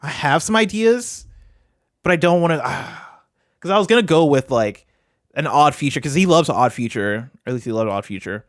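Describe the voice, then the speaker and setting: A man's voice: fairly high pitch, animated, moderate pace, no room sound, clean studio sound. A man streaming casually, thinking aloud and often trailing off mid-sentence as he talks through his lyrics. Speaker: streamer writing rap lyrics. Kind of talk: casual livestream chat.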